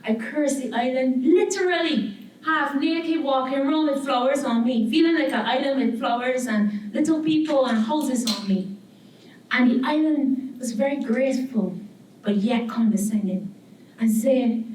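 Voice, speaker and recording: Animated Barbadian woman lecturing in a hall. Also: sits high, moderate pace. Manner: animated storyteller who acts out the quotes in her story. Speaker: guest artist lecturer. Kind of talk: public lecture. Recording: roomy hall, distant mic, faint room noise.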